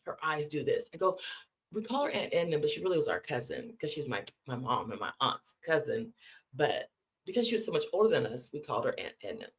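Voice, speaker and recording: A woman's voice: sits low, big pitch swings, a little fast. A woman from California hosting a late-night live stream, telling a story in a conversational way and calling her listeners "y'all". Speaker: host.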